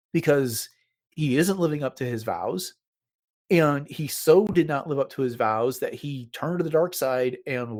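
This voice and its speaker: Man retelling film scenes. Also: medium pitch. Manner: animated retelling with quoted lines. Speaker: podcast co-host. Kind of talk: casual chat.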